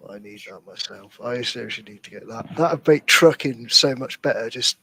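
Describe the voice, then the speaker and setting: A man chatting on a live stream with friends, excitable and quick to laugh and exclaim. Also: medium pitch, slightly rough. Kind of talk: casual stream chat.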